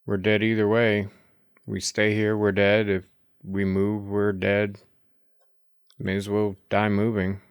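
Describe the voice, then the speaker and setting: A man plays a tabletop game in character, laying out grim choices in a calm, matter-of-fact way. He talks slowly in a low, smooth, resonant voice. The sound is dry and close. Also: no echo. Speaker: player.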